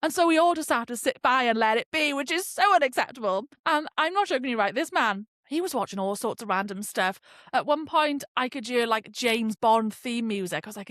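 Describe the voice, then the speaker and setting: A woman's voice: fairly high pitch, lively intonation, a little fast, a bit bright, dry recording, studio quality. A young woman hosting a podcast, telling a story in a casual rant and swearing freely. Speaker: podcast host. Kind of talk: casual ranting monologue.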